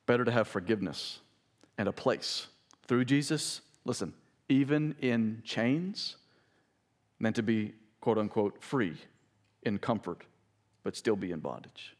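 With an expressive, slightly slow delivery and frequent pauses, a male pastor preaches, his pitch and volume climbing as he reads scripture aloud. He speaks directly to his congregation with asides such as "listen".

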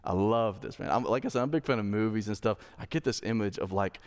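A man's voice: on the low side, fast, clear, resonant tone. Casual preaching man in a reverberant church. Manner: casual, conversational preaching with slang asides; rises to emphatic intensity when making a point. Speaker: pastor. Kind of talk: sermon. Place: church sanctuary.

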